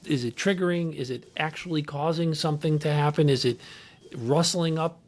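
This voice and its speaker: A man hosts an interview show in a friendly, conversational way. His voice sits a little high for a man. He thinks aloud as he goes, with fillers and restarts. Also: normal speed, darkish tone. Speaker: show host.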